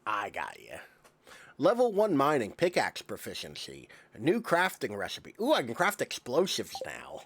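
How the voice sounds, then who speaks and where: A man's voice: medium pitch, huge pitch swings, normal speed, husky, dry recording. A man streaming a farming game, chatting casually and rambling with lots of "like" fillers. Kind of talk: casual gameplay chat.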